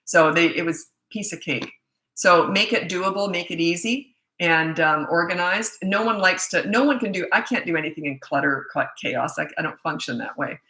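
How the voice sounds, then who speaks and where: Middle-aged woman from Canada, parenting coach on a live stream, bright, firm, no-nonsense delivery in a roomy space. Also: lowish voice. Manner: brisk, direct, reads viewer questions aloud. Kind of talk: live Q&A, casual advice. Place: room at her computer. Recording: echoey room.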